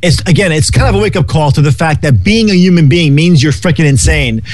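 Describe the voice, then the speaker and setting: A man's voice: a little high, lively intonation, fairly quick, darkish tone. A man casually riffing on life and happiness, rambling and swearing freely, laughing often. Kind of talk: casual philosophical chat.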